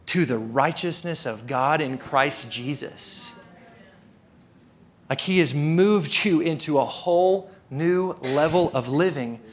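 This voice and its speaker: A male preacher telling a story in a casual, conversational sermon, with frequent filler words. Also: on the high side.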